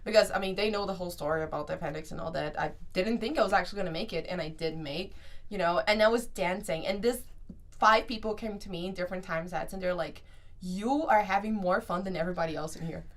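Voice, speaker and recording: A woman's voice: fairly low pitch, fast. A young woman co-hosting a podcast, telling festival stories in casual chat, acting out quotes and swearing freely. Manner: animated storyteller, acts out quotes, swears freely. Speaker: podcast co-host.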